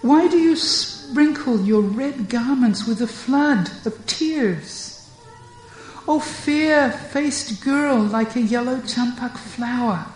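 A woman's voice: high-pitched, a little mellow, roomy sound, voice pushed up, low-quality recording. A woman voicing a loyal young female friend who coaxes and questions earnestly. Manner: earnest, coaxing.

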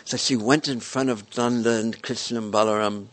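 A man telling a devotional story in a gentle, repetitive storytelling manner. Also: on the low side, fairly even intonation, moderate pace.

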